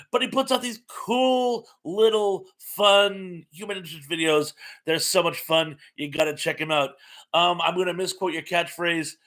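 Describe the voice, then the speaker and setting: A man's voice: a little high, bright, forceful tone. A man hosting a live stream, chatting casually as he reads out viewer comments in a friendly, rambling way with many fillers.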